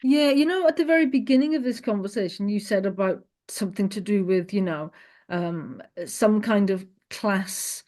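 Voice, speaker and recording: A woman's voice: mid-range voice, moderate pace, darkish tone. A woman hosting a podcast, earnest and thinking aloud in long, searching sentences. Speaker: podcast host. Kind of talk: conversational interview.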